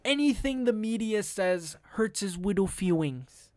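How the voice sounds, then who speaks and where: Casual vlog commentator, profane and sarcastic, dry close sound, mid-range pitch, stumbles while reading. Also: animated, unhurried, few pauses, darkish tone, dry recording. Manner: blunt, profane, sarcastic asides. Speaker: video commentator.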